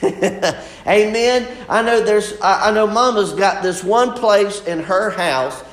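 A man preaching a sermon, lively and full of laughter, with sudden exclamations. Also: high voice, slow, echoey room. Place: church.

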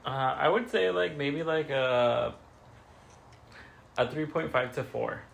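Rich: A man with a gravelly, creaky voice at middle pitch co-hosts a laid-back podcast chat. He talks hesitantly and often stalls on fillers as he gives his opinions. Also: slow. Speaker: podcast co-host. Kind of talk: casual chat.

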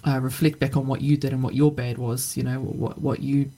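A woman's voice: a bass voice, flat delivery, brisk, mellow, poor audio. A middle-aged woman talking reflectively in a casual podcast conversation, with many fillers and restarts. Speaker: podcast guest.

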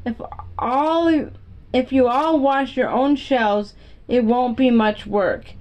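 A woman's voice: fairly high pitch, slow, a little mellow. A sensible, caring older sister in a storybook, practical and reassuring, as a woman reading aloud puts her on. She speaks plainly and sets the others right. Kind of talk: reading a children's book aloud.

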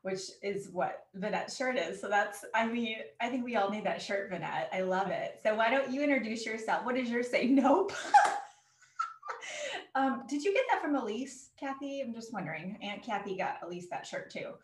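A woman's voice: fairly high pitch, lively intonation, moderate pace. A woman hosting a webinar, enthusiastic and cheering her guests on over a video call. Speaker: webinar host. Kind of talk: casual webinar chat. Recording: echoey room, distant from mic.

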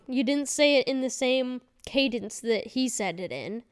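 With a high, clear, resonant voice and lively intonation, a woman in her thirties talks a little slowly on her casual solo podcast. She rambles candidly and chattily, using fillers and correcting herself.

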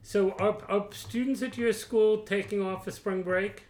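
A man's voice: high voice, fairly even intonation, measured pace, a little mellow. A man co-hosting a casual family podcast, reading out award results in a rambling way. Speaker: podcast co-host. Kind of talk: casual chat. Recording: roomy echo.

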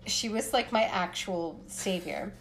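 A woman from Pennsylvania co-hosting a podcast, telling a story in a casual, animated way with lots of "like" fillers and voices for the people in it. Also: medium pitch, measured pace, a little hiss or hum. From Appalachian Pennsylvania. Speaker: podcast co-host.

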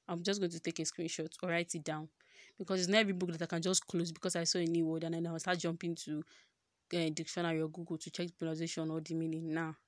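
Chatty young Nigerian woman, low voice. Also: no echo. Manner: chatty, joking, rhetorical questions. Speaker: podcast host. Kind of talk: casual solo podcast chat.

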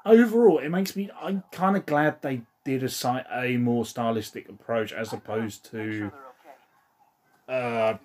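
A man's voice: mid-range voice, unhurried, a little mellow. A man, rambling and swearing casually as he comments on a film he is watching. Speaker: film reviewer.

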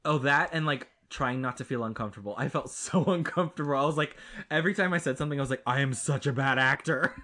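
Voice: mid-range voice, quick pace, a bit bright, slight background noise. Rambling, laughing podcast co-host. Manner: laughs often, rambling and self-conscious. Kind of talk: casual chat.

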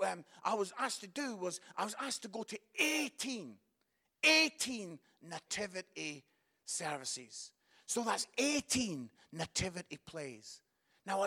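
A male guest preacher tells stories in church with a high, bright voice. He acts out the characters with lively animation and often breaks into loud, excited shouting. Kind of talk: storytelling sermon.

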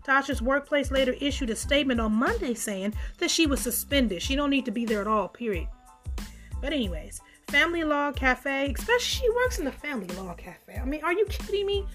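A woman's voice: high-pitched, big pitch swings, a little fast, a bit bright, faint music behind. A woman hosting a podcast, reading out news and reacting bluntly and indignantly, swearing freely. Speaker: podcast host. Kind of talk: casual news commentary.

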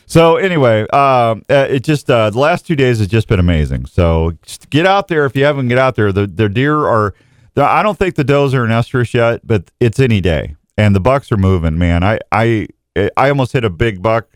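A man's voice: mid-range voice, expressive, normal speed. A middle-aged radio host chats loosely in a studio, his voice rising and falling freely as he rambles. He restarts sentences constantly and pokes fun at himself. The sound is close and dry, with no room echo. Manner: rambling, self-mocking, jokey, many restarts. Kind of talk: casual morning radio chat.

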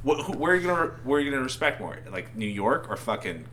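A man from Canada co-hosting a podcast, blunt and halting, restarting his sentences in casual chat. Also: medium pitch, very animated, bright, forceful tone. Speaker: podcast co-host.

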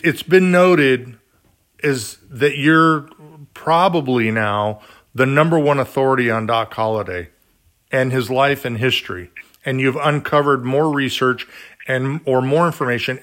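A male interview host who talks casually and rambles a little. He stops and restarts his sentences and fills the gaps with ums. His pitch is in the normal middle range. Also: fairly bright tone. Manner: rambling, chatty, full of fillers.

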